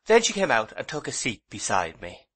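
Bright-voiced male audiobook narrator. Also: medium pitch, huge pitch swings, normal speed. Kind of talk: scripted narration.

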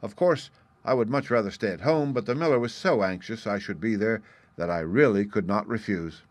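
A man's voice: lowish voice, a little fast, dry recording, natural voice. A man doing a proud, careless bear. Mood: vain, offhand. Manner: careless, self-important. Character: proud, vain male bear.

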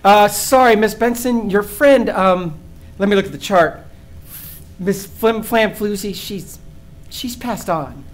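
A woman's voice: medium pitch, slow pace, a little hiss or hum, close to an everyday voice. A woman improvising a bumbling, offhand doctor in live comedy, stumbling and second-guessing herself.

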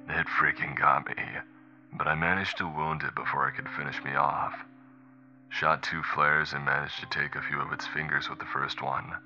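Brief: man reading a doomed, wounded pilot, low and tense on a dull recorder, very deep voice. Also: level tone, normal speed, faint music behind, heavily acted. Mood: grim. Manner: low, tense, hushed reports. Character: wounded, hunted male pilot logging his last messages. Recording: muffled lo-fi recorder playback.

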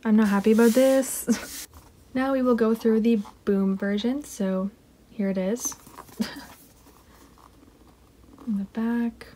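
A woman's voice: a little high, measured pace. Woman chatting at her desk unboxing stuff, giggly and gushy, whispers sometimes, faint hiss behind. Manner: excitable, giggly, gushing, drops to whispers. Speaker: unboxing vlogger. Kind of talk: casual unboxing chat. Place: home desk.

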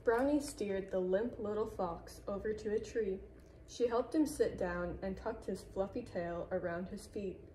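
Reading a children's picture book aloud, a woman takes her time like a librarian at storytime, her mid-range voice mellow, warm and gently even. The audio is poor, with a little hiss or hum.

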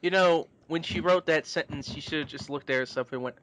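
A man's voice: a little high, a bit bright, dry recording. Crude, mocking man reading aloud. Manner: mocking, crude, quick asides between read passages. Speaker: podcast co-host reading fan fiction aloud. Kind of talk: casual comedic group reading.

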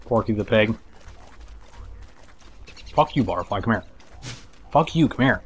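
A man giving casual let's play commentary, excitable and swearing, talking to the creatures in the game. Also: lowish voice, moderate pace. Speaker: gameplay commentator.

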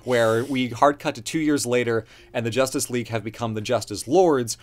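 A man's voice: mid-range voice, normal speed. A man co-hosting a casual discussion, talking in a rambling way with many fillers and restarts. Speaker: co-host.

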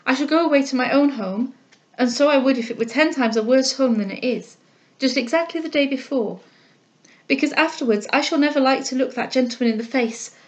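A woman's voice: high voice, a little fast, pitched above the performer's own voice, natural voice. A woman doing an eager, earnest young girl. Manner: eager and heartfelt, speaking up with spirit.

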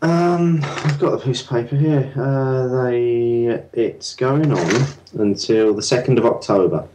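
A man's voice: mid-range voice, a little slow, noisy background. A man co-hosting a casual podcast chat about beer, chatty and prone to repeating words as he goes. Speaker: podcast co-host.

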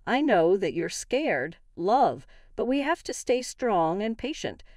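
A woman reading the lines of a loving, reassuring young husband in a calm, soothing way. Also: medium pitch, takes it slowly, no room sound, studio quality.

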